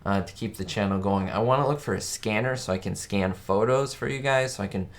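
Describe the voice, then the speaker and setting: A man's voice: on the low side, brisk, a little hiss or hum. A man hosting a casual live stream, chatting upbeat and rambling as he reads out viewers' comments. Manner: rambling with frequent fillers and restarts. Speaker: channel host.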